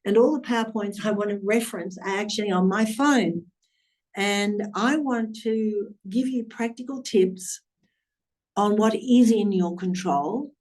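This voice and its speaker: A woman's voice: mid-range voice, darkish tone. A woman giving an earnest, emphatic storytelling talk at a leadership session. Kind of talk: storytelling talk to an online audience. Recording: distant from the mic.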